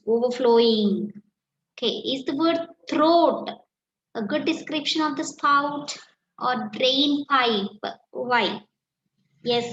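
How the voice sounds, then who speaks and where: Woman teacher with an Indian English accent, high voice, slow dictation, dull lo-fi classroom recording. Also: a bit bright. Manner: slow, repeats phrases while writing answers. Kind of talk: classroom lesson, dictating answers. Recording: echoey room, dull lo-fi sound, faint noise.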